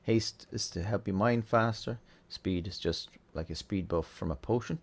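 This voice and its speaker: Gravelly man explaining a game. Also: fairly low pitch, normal speed. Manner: relaxed, chatty, thinking aloud with fillers. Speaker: game tutorial host. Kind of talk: casual gameplay tutorial.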